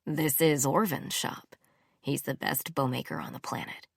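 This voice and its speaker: A woman voicing a calm, persuasive male music professor, speaking softly and insistently. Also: normal speed, gravelly, husky, no echo, clean studio sound, exaggerated voice. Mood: gentle, persuasive. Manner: soft, low, insistent. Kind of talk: audiobook character voice.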